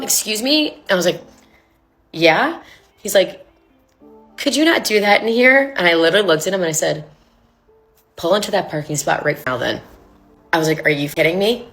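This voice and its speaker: A woman with a low voice tells a personal story straight to her audience. She talks in a loose, chatty way, full of fillers and acted-out quotes, with faint music playing behind her. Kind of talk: storytime video.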